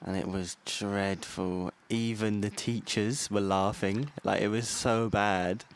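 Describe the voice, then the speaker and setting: A young man co-hosting a casual podcast, his voice low and gravelly with plenty of vocal fry. He tells stories in a chatty way, swears freely and laughs often. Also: fairly even intonation, slow, a little hiss or hum. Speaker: podcast co-host. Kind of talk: casual chat.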